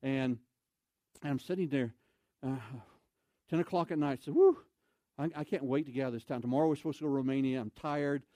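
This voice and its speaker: A man telling a story in a sermon as an evangelist, animated, with loud exclamations and quoted voices. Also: medium pitch, a little fast, no echo.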